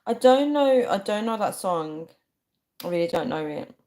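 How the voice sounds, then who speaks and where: A woman's voice: mid-range voice, lively intonation, normal speed, dark tone. A young woman chatting casually on a live stream, rambling and reading viewer comments aloud. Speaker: livestreamer.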